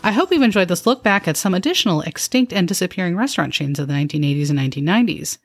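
A woman's voice: on the low side, lively intonation, rapid-fire, slightly rough, no room sound, faint music behind. A woman hosting a podcast, giving scripted narration with dry, wry asides. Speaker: podcast host.

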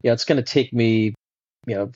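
A man talking as a podcast guest in a casual, animated way, with many fillers and restarts. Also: mid-range voice, a little fast, no room sound. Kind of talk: casual conversational interview. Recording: dull lo-fi dry sound.

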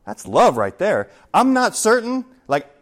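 Here the same kind of middle-aged preacher works through scripture verse by verse in a chatty style, pitched slightly high and moving fairly quickly. Lively throughout, he jokes on the side and performs the quoted lines.

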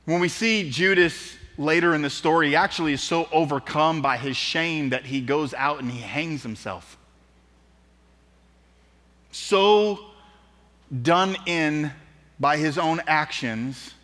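A pastor with a slightly high voice preaches a sermon at a slow pace with long pauses, telling the story vividly and acting out the quotes. The auditorium gives his voice a long reverb.

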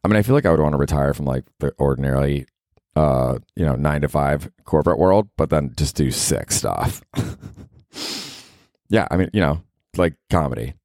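A very deep-voiced man rambles through a solo comedy podcast, loose and slangy, full of "like" and "dude." The sound is dry and close to the mic. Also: expressive, normal speed, darkish tone, no room sound. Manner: rambling, slangy, laid-back, lots of "like" and "dude". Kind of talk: casual comedic monologue.

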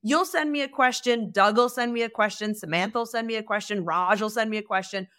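A woman's voice: medium pitch, fairly quick. A woman guest on a podcast, a communication coach speaking emphatically and acting out little dialogues. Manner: animated, emphatic, acts out dialogue. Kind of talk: podcast conversation.

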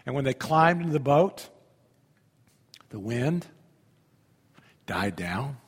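Husky-voiced man preaching in a reverberant hall. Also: mid-range voice, sing-song, slow. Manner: conversational, asks the audience questions. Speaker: pastor. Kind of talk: sermon.

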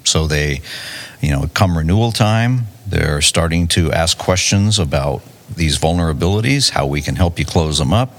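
A man's voice: low-pitched, animated, normal speed. A man, a company CEO, answering questions in a podcast interview with confidence, restarting and repeating words as he goes. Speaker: tech company CEO, guest. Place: conference venue.

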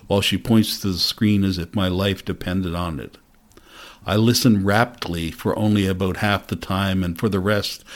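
A man giving measured, reflective first-person narration of a novel for an audiobook. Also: sits low.

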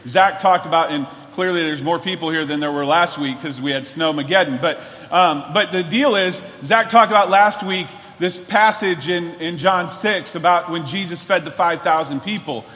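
Bright-voiced pastor preaching in a church hall. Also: male voice, a little high, normal speed, few pauses. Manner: earnest, conversational preaching with many restarts. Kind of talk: sermon.

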